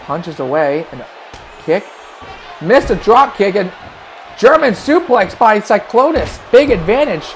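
A man calling wrestling play-by-play, excitable and breaking into shouts at big moves. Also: high voice, a little slow, faint music behind, low-quality recording. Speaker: play-by-play commentator.

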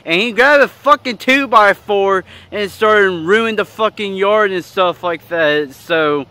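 A man's voice: high voice, a little slow, hardly any pauses, sharp tone, smooth. A man narrating and filming a casual comedy skit, exasperated, swearing and questioning.

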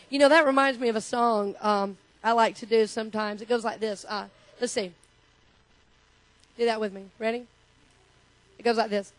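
A woman's voice: a little high, steady tone, normal speed, long pauses, no room sound. A middle-aged woman minister preaching a sermon in a church. She talks in a personal, conversational way and leads the congregation in call-and-response. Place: church sanctuary.

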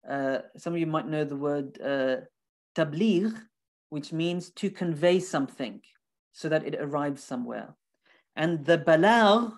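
A man lectures on the Quran, explaining Arabic terms one by one, quoting and translating verses, and earnestly repeating points for emphasis. His voice is a little high, with a darkish tone.

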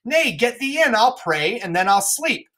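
A woman reading the part of an old king going mad, in slow, grand, anguished verse. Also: a little high, very animated, a bit bright, voice pushed up. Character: old male king sliding into madness.

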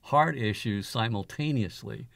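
A man's voice: fairly low pitch, measured pace, creaky, no echo. A man speaking as an interview guest, an author and father sharing his experiences in an earnest, reflective way. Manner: earnest, reflective, with soft laughs. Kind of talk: conversational interview storytelling.

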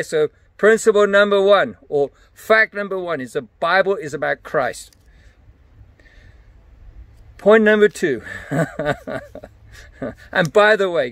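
A male preacher teaching from scripture with earnest emphasis, his voice sitting a touch high for a man. The sound is dry and close, with no room echo behind him. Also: fairly bright tone. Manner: earnest, emphatic, laughs between points. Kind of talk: Bible teaching.

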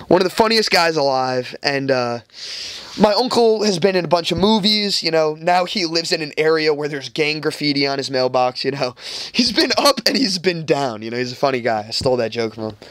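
A young man hosting a podcast, rambling and swearing freely as he tells stories. His voice sits a little high for a man. The sound is close and dry, with no room around it. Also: lively intonation, brisk, a bit bright, dry recording. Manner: loose, profane, rambling storyteller. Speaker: podcast host. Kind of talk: casual storytelling chat.

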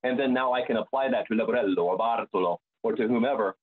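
A man, an opera bass, talking reflectively in an interview and often restarting his sentences. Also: quick pace. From United States. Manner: searching, restarts sentences, many fillers. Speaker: opera bass singer, guest. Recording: tinny phone-like line.

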